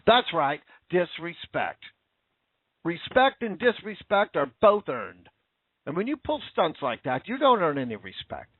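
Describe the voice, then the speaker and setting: Casting: male commentator, high lively voice, angry ranting monologue. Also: dry recording. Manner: heated, swearing, sarcastic. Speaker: political commentator. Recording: tinny phone-like sound.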